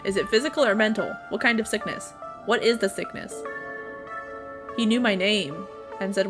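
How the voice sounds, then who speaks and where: A woman streaming a story game, reacting excitably with gasps and casual swearing as she plays. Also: mid-range voice, brisk, music in the background. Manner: excitable, gasping, swears freely. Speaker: gaming streamer. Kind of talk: let's-play commentary.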